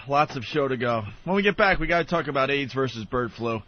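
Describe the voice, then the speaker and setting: A man radio host wrapping up a segment and announcing the break in a brisk, wry way. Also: medium pitch, lively intonation. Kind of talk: show segue announcing. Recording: dull radio audio with faint music.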